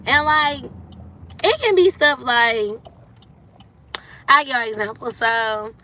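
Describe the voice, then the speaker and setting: Woman, livestream host; candid, chatty storyteller with a bright voice. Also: animated, slow. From Detroit, USA. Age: 30s. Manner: candid and chatty, acting out quotes with sudden jumps up in pitch. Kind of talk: casual storytelling chat.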